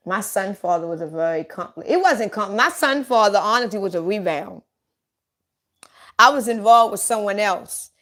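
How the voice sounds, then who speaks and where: A woman's voice: medium pitch, a bit bright. A middle-aged woman chatting casually on a livestream, telling blunt, profane stories straight to her viewers.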